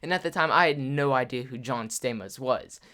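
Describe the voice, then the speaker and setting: A man telling a personal story in a casual vlog, his voice sitting in a middle pitch. He rambles and restarts, sprinkling "like" through every sentence, and slips into other people's voices when he quotes them. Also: normal speed, pushed and bright. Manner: rambling, filler-heavy, says "like" constantly. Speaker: gaming YouTuber.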